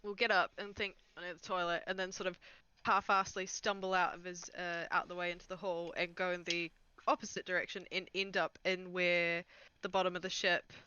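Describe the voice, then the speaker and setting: A man's voice: sits high, little pitch movement, a little fast, pushed and bright, clear, resonant tone, lo-fi sound. A man playing a tabletop game, flustered and sheepish in character. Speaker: player.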